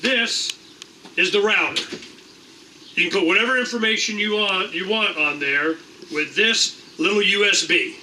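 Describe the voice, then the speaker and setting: Brief: middle-aged man, meeting host, rambling and irreverent, high bright voice, picked up from across the room. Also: unhurried. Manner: rambling, irreverent, swears casually. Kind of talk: animated casual talk to a room. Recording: distant mic in a room, faint noise.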